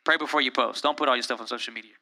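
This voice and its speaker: A man preaching a sermon as pastor, lively and conversational, jumping into raised voices to act out the people he quotes. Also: medium pitch, racing.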